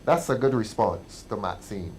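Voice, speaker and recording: A man's voice: fairly low pitch, lively intonation, darkish tone, slight background noise. A Barbadian man hosting a panel talk show, agreeing often, joking and reading out viewer comments. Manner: chuckling, quick to agree, jokes.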